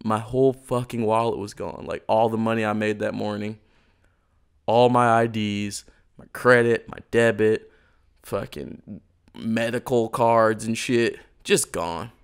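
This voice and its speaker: A man's voice: on the low side, steady tone, a little slow, gravelly, clear, resonant tone. A man co-hosting a podcast, telling a story in casual chat, laughing, swearing freely and acting out the people in it. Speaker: podcast co-host.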